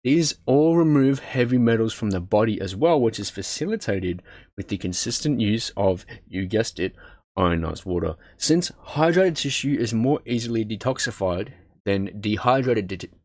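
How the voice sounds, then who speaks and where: A man's voice: fairly low pitch, lively intonation, moderate pace, darkish tone, no room sound. A man reading text aloud with frequent stumbles and self-corrections, breaking off into casual asides. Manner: stumbles over words, swears and laughs at himself; reads aloud, then breaks into chatty asides.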